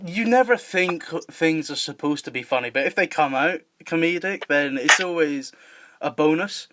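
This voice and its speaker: A man's voice: a little high, normal speed, fairly bright tone, slight background noise. A man hosting a podcast in casual chat, rambling and joking with lots of fillers and laughs. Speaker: podcast host and filmmaker.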